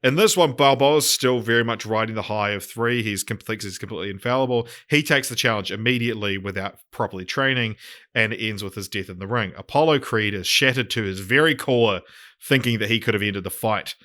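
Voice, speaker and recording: A man with a New Zealand accent co-hosting a podcast, reciting a made-up plot in a dry, deadpan way. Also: fairly low pitch, brisk. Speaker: podcast co-host. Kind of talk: casual chat, reading out a made-up plot.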